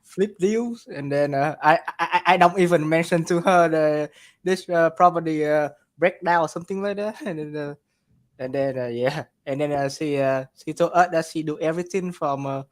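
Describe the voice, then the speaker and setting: A man new to investing answers haltingly, with many uhs. His voice sits a little high and the sound is dry. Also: no echo. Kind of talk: casual chat.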